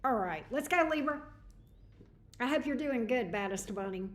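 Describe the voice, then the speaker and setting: A woman reads tarot on a livestream, chatting and calling out viewers by name. Her voice sits fairly high. She is recorded in a room with a noticeable echo. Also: expressive, moderate pace, a little hiss or hum. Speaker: tarot reader. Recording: echoey room.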